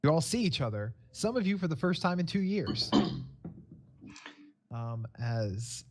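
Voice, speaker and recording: A man's voice: a little high, very animated, a little slow, background noise. A young man narrating a tabletop game as game master, rambling and laughing often.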